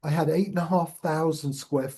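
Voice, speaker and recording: An older man with a northern English accent, telling animated stories as an interview guest in a music museum, swearing freely and acting out quoted voices. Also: fairly high pitch, moderate pace, slightly rough. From Northern England. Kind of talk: casual storytelling interview.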